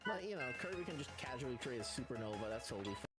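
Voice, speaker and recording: A man's voice: medium pitch, sing-song, very fast. A man streaming a video game, chatting casually and laughing often. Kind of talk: casual gameplay commentary. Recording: game music under the voice. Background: game music.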